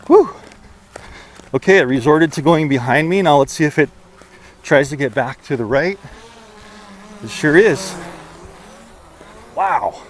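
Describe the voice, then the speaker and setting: A man's voice: fairly high pitch, measured pace, pauses often, a little hiss or hum. Breathless man narrating a drone test outdoors. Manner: excitable, talks while running and flying. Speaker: drone reviewer. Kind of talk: casual outdoor flight commentary. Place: outdoors among trees.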